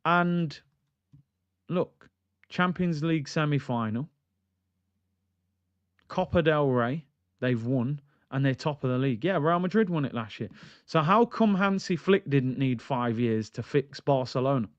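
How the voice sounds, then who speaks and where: A man's voice: medium pitch, lively intonation, unhurried, pauses often, no room sound, muffled recording. A man hosting a live football stream, ranting animatedly and reading out chat comments. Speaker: football channel host. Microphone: streaming mic.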